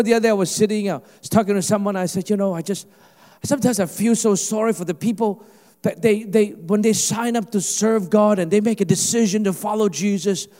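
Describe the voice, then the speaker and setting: A male pastor preaching a sermon, animated and emphatic, with a conversational delivery. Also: high voice, big-room sound. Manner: animated, rising to emphatic preaching with mimicked asides.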